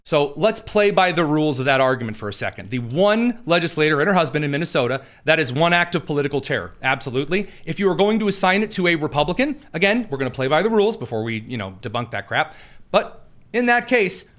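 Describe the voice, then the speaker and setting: A man hosting a political opinion show, talking in a sarcastic, mocking way. His voice sits a little high, and it swings sharply up and down as he rants. He grew up in East Central Indiana. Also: lively intonation, fast talker, a bit bright. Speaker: political commentary host. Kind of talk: opinion commentary.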